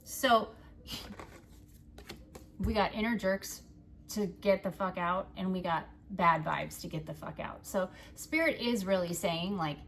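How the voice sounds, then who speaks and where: Gravelly-voiced woman doing a casual tarot reading. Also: fairly low pitch, a little slow, fairly bright tone, slight background noise. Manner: loose and profane, with frequent "like" and "right?". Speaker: tarot card reader.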